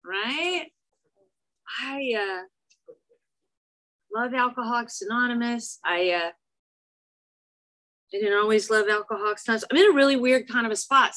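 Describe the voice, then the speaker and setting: A middle-aged woman from Chicago giving a candid, self-deprecating recovery share at a meeting, often checking in with "right?". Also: medium pitch. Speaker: AA meeting speaker. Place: church meeting room before an audience.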